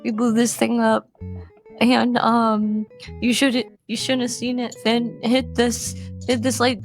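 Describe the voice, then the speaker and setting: A woman playing a tabletop game, recapping events with excited giggles and stumbling restarts. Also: fairly high pitch, slow pace, faint music behind. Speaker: player. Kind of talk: casual tabletop game play.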